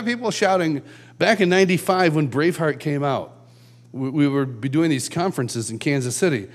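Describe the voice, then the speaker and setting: A man's voice: on the high side, normal speed. Conversational man preaching at a conference. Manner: conversational, with acted-out shouts and quotes. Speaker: conference speaker. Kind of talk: sermon. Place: large church hall.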